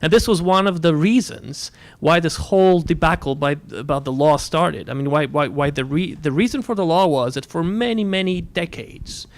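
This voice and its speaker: Hesitant man from Poland. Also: on the high side. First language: Polish. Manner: measured, hesitant with many fillers. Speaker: diplomat guest. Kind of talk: panel discussion answer.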